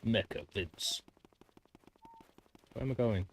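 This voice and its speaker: Low-voiced man streaming casually. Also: slow pace, slight background noise. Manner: chatty, rambling, mild swearing, talks to viewers. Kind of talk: casual gameplay commentary.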